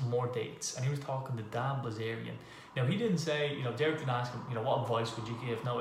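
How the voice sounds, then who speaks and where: A man hosting a podcast, talking through a casual motivational monologue with emphatic rhetorical questions. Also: mid-range voice. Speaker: podcast host. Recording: echoey room with faint ambient noise.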